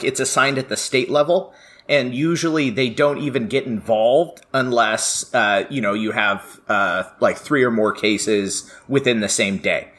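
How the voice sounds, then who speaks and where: A man's voice: medium pitch, a bit bright. A middle-aged man, a professor and guest, telling stories in casual podcast chat and laughing often. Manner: chatty storyteller, laughs often.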